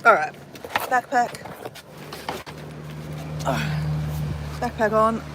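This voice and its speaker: Australian woman vlogger, lively and higher-pitched, chatty and excitable, recorded outside with wind noise. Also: slow. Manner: chatty, excitable, swears casually. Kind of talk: casual vlog chat. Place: outdoors by the ocean, windy.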